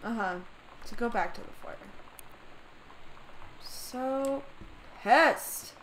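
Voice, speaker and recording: Woman, high-pitched, slow-paced, profane, exasperated, let's play commentary. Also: a bit bright, slight background noise, poor audio. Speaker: gamer playing a story game.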